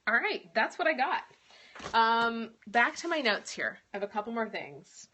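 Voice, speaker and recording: Bright-voiced woman chatting on a live stream. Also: fairly high pitch, very animated, normal speed, a little hiss or hum. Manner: warm, earnest, faith-talk with frequent ums and little laughs. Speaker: live-stream host and author. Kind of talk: casual live-stream chat.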